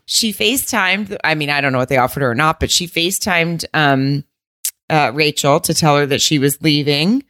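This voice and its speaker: A woman's voice: low voice, moderate pace, fairly bright tone, no room sound, clean studio sound. A woman from the Southern United States co-hosting a podcast, blunt and rambling in casual chat. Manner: blunt, rambling, swears freely. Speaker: podcast co-host.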